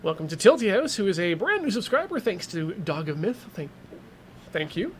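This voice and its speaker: A man's voice: sits high, big pitch swings, moderate pace. A man streaming a sim racing game, chatting casually, coaching himself and joking with viewers. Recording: game car engine noise underneath. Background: racing game engine and track sounds.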